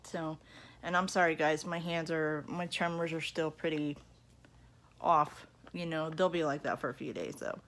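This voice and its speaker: A woman's voice: deep voice, steady tone, moderate pace, a bit bright, a little hiss or hum. A woman vlogging from her apartment, telling a story to her viewers in a chatty, indignant way. She keeps checking in with them by asking "okay?" and "you know?". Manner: indignant, emphatic retelling. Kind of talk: casual storytelling to camera.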